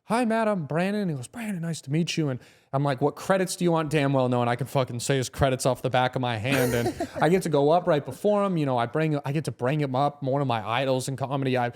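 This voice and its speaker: A young man, a comedian guest on a podcast, telling stories in a casual, animated way, swearing often and acting out what people said. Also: medium pitch, fast talker. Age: young adult. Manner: animated, swearing, acts out quotes.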